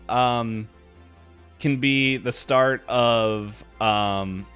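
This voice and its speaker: A man running a tabletop game as game master, unhurried and hesitant with many fillers. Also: medium pitch, steady tone, a bit bright, smooth, faint music behind.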